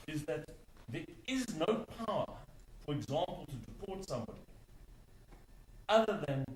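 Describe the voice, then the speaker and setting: A man's voice: a little high, a little mellow, reverberant, slight background noise, rough recording. A man arguing a case in court as an advocate, stressing key words by repeating them. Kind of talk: courtroom legal argument.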